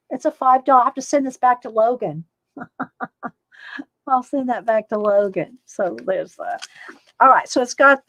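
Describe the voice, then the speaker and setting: Chatty high-voiced woman, dry close sound. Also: no echo, low-quality recording. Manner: chatty, rambling, reads viewer comments aloud; frequent fillers and little laughs. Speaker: vlogger showing an art supply haul. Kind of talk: casual live-stream chat.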